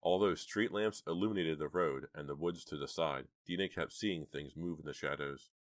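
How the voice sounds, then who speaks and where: Audiobook narrator, man, very deep voice, dry close sound. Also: moderate pace, no room sound.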